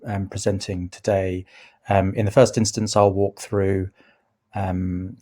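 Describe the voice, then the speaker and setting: A man with a fairly low, croaky voice walks investors through company results. He talks in a halting way, full of ums and restarts. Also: darkish tone. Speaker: company chief executive presenting results. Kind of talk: corporate investor presentation.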